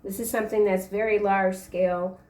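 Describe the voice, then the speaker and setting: A woman reads tarot in an unhurried, meandering way, trailing off and restarting as she interprets each card. Her voice sits at an ordinary middle pitch. It sounds roomy and echoey, a little away from the microphone. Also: flat delivery, a little mellow, far from the mic, a little hiss or hum. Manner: rambling, halting stream of card interpretations. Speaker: tarot reader. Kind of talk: casual tarot reading to camera.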